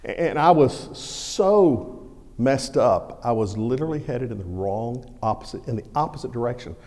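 A middle-aged man, preaching a sermon as a pastor and telling a personal story in a folksy, animated way. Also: medium pitch, moderate pace. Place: church sanctuary. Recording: long hall reverb.

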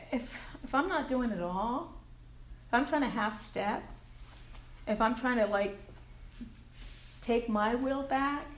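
An older woman sharing her recovery story at a meeting, candid and frank, swearing casually and laughing at herself. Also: a little high. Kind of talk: personal recovery share. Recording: echoey room with faint ambience.

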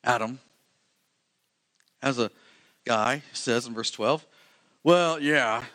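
A male pastor preaching a sermon, animated and quick, swinging from loud emphasis to hushed lines. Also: mid-range voice.

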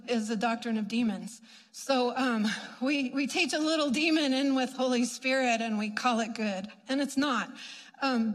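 A woman minister telling testimonies in a chatty, animated storytelling way, acting out what people said. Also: on the high side, long reverb tail, poor audio. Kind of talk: testimony preaching.

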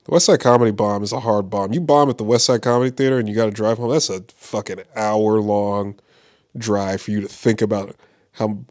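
A man's voice: lowish voice, steady tone, brisk, a little mellow. A man who does stand-up, ranting casually and profanely, rambling with lots of "like" and frequent laughs. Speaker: stand-up comedian. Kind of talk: casual podcast-style rant. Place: Los Angeles area.

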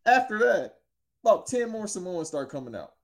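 A man co-hosting a podcast, casually telling a long story in animated, slang-filled speech. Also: sits high, normal speed.

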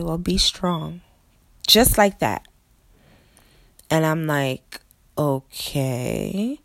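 A woman's voice: deep voice, creaky, no room sound. A woman pastor telling a personal testimony in an earnest way, often speaking straight to her listeners as "guys".

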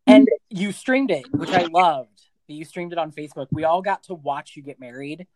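A host in casual interview chat who is expressive, gushes and laughs often. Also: medium pitch, moderate pace, dry recording.

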